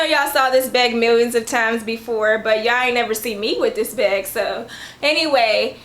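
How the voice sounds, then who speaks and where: A woman and English teacher chatting excitedly through an unboxing vlog at home. She gushes, rambles and keeps correcting herself. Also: fairly high pitch, normal speed, reverberant. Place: at home, indoors.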